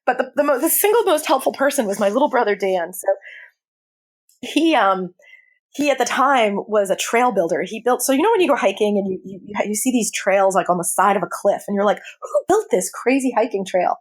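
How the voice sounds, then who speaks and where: A woman of middle pitch speaks as a podcast guest, candid and conversational. She tells a personal story with easy frankness, laughter never far off. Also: a little fast. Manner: candid, lively storyteller who laughs often. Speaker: hospice chaplain guest.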